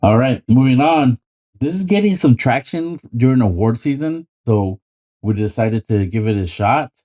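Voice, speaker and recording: A man's voice: medium pitch, animated, moderate pace, warm tone. A man co-hosting a podcast in casual chat, rambling with many ums and swearing freely. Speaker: podcast co-host.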